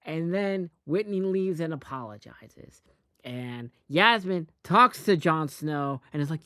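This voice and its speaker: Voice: medium pitch, lively intonation, takes it slowly, sharp tone, clean tone, no echo, studio quality. A host giving a casual, rambling and profane recap of a TV episode, speaking bluntly.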